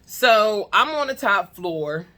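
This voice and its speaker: Bright, brassy woman telling a story. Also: medium pitch, slow pace. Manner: animated, laughs often, blunt and profane. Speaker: storytime vlogger. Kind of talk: casual comedic storytime. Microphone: talking to her own camera.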